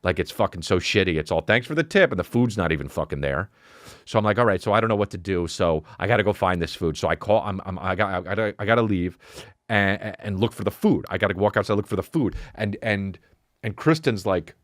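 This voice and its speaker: A man's voice: low-pitched, a little fast, dry recording, studio quality. A man in his thirties telling a comedic story on his podcast, profane and exasperated, acting out what people said. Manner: profane, exasperated, acts out quotes.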